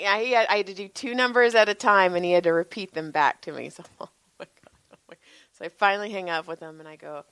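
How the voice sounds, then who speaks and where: A woman, telling stories in a casual podcast chat, animated and laughing, often swearing and acting out what people said. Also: on the low side, no echo. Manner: animated, laughing, swearing freely, acts out quotes. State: tired. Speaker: podcast co-host, massage therapist.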